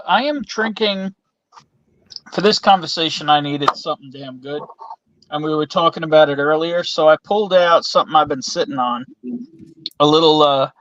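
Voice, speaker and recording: A man chats as a guest on a casual stream, easygoing and slangy. His voice sits somewhat high, and the audio comes through a little dull and lo-fi. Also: fairly bright tone, no room sound. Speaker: panel guest. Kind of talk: casual chat.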